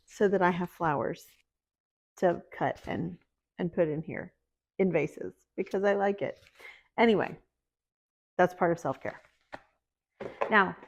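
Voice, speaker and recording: Chatty woman with a gravelly edge. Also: on the low side, dull audio. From American Deep South. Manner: chatty, laughs at herself, devout. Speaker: homesteading vlogger. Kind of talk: casual chat to camera.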